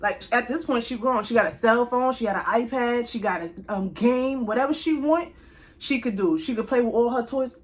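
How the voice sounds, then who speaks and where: A young woman telling a casual storytime straight to her viewers, chatty and animated, with speech. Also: on the high side, moderate pace. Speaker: vlogger.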